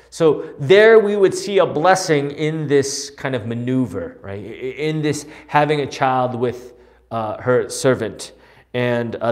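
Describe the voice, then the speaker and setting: A man teaching a Bible study in a conversational way, often asking "right?" and restarting his sentences. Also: medium pitch. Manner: animated, asks frequent rhetorical "right?" with many restarts.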